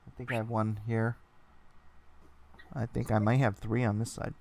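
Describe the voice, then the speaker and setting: A man's voice: on the low side, level tone, normal speed, gravelly, crowd noise. A man in his forties co-hosting a casual livestream, chatty and rambling, laughing often. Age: 40s. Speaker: co-host.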